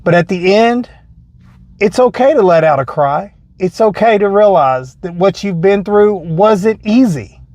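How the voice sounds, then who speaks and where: A man's voice: high voice, animated, a little slow, a little mellow, dry recording. A man in his thirties telling a personal story in a casual, earnest way and drawing a faith lesson from it. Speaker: faith vlogger.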